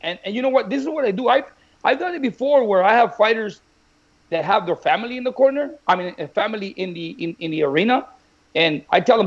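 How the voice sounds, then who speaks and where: Animated, high-voiced boxing trainer. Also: male voice, fast, highs cut off. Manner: animated, tells stories with repeats and restarts. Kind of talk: casual chat, storytelling.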